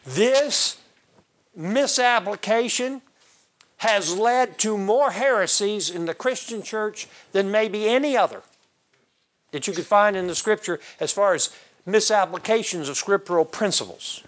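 A man's voice: sits high, measured pace, a bit bright. A man teaching a Bible class, quizzing his listeners and calling on them by name. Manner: questions the class and calls on members by name.

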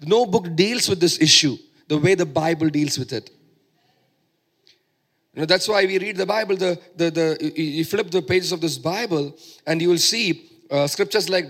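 Guy preaching a sermon, kinda high voice, hammers the same lines over and over. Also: normal speed, a bit bright. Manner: emphatic, repeats phrases for stress.

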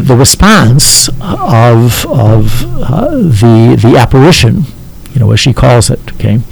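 A man explaining a text to a listener as a teacher, halting and often checking in with "okay?". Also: mid-range voice, vocal fry, breathy edge, rough recording.

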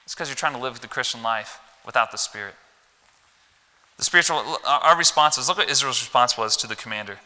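Bright, animated Midwestern man preaching. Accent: Midwestern American. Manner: animated, folksy, swings from loud emphasis to low asides. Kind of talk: Wednesday church sermon. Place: church sanctuary. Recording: long hall reverb.

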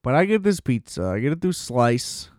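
Young adult man, casual comedic monologue. Smooth voice, dry room sound, sardonic rambling delivery. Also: medium pitch, big pitch swings, normal speed, a little mellow, no echo. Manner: rambling, sardonic, self-deprecating. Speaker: solo storyteller. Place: small room at home.

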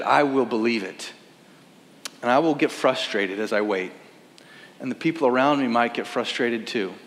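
A man's voice: mid-range voice, fairly bright tone. A man, a pastor, preaching a sermon in earnest with rhetorical questions. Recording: reverberant hall.

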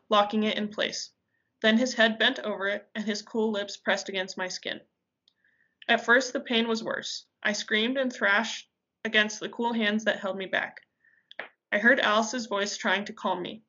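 A woman reading a dramatic story aloud with intensity, pausing now and then to correct herself. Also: mid-range voice, sharp tone, highs cut off. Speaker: reader. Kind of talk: amateur audiobook reading.

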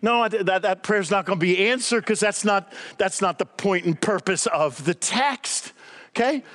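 An older man, speaking as a guest preacher, delivers a sermon in a conversational, animated way and hammers his points home through repetition. His voice is high-pitched and his pace is normal.

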